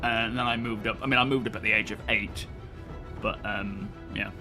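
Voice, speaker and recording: A man's voice: fairly low pitch, fairly even intonation, normal speed, over music. Chatty man streaming. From England. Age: 30s. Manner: chatty, greets viewers by name, friendly banter. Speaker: game streamer reading live chat. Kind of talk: casual live-stream chat.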